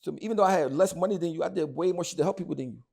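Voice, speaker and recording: A man's voice: fairly high pitch, rapid-fire, vocal fry, dark tone. A middle-aged man, talking as an interview guest, angry and emphatic, repeating himself and cursing a lot. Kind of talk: heated casual interview talk.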